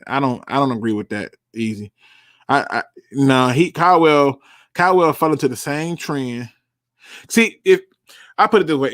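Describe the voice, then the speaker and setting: A young man with a fairly high voice hosts a casual live sports talk show, answering chat with blunt, emphatic opinions and the odd curse. He hammers his points home by repeating words. The recording is dry and close, with no room sound. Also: fairly bright tone, no echo.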